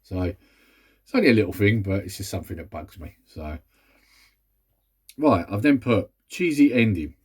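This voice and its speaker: A man's voice: fairly low pitch, lively intonation, moderate pace, pauses often, darkish tone, slightly rough. A British man talking casually about a film he reviews, rambling with exasperated asides. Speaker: movie review vlogger. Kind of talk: casual chat.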